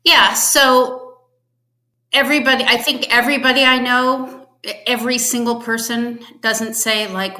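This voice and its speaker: Woman podcast guest, lively storyteller, bright tone, slightly roomy sound. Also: on the high side, measured pace. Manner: chatty storyteller, acts out quotes with laughs. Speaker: podcast guest, finance executive. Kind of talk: casual interview chat.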